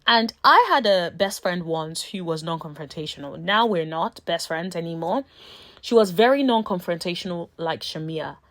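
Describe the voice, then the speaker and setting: A woman giving casual commentary as a reality TV recap vlogger, telling stories in an animated way and acting out other people's lines. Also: fairly low pitch, moderate pace, few pauses. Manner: animated storytelling, acts out friends' voices.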